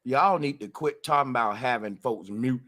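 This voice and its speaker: A man's voice: medium pitch, moderate pace, bright, forceful tone. A man hosting a call-in livestream, directing callers in a bossy, casual, slangy way. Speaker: host.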